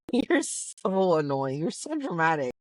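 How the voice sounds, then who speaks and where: Woman, playful teasing, low voice, dry close sound, casual chat in a car. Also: big pitch swings, takes it slowly, a little mellow, dry recording. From Latina. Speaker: host's wife, co-host. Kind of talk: casual banter. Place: car while driving.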